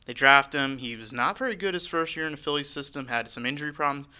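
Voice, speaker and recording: A man co-hosting a casual sports talk show, speaking in a relaxed, conversational way. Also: medium pitch, quick pace, clean tone. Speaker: podcast co-host.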